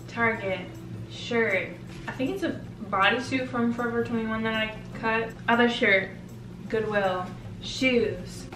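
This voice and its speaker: A young woman vlogging casually to the camera, rambling and chatty with lots of fillers while doing her makeup at home. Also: mid-range voice. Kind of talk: casual vlog chat.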